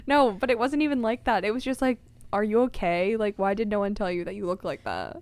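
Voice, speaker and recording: A woman's voice: medium pitch, fairly quick, dry recording. A young woman in her twenties, co-hosting a casual chat podcast and telling stories with lots of exclamations. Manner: animated storyteller, exclaims often. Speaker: podcast co-host.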